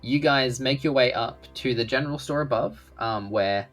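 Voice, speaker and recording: An Australian man narrating as game master in a relaxed way, with many ums and uhs. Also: mid-range voice, normal speed, faint music behind.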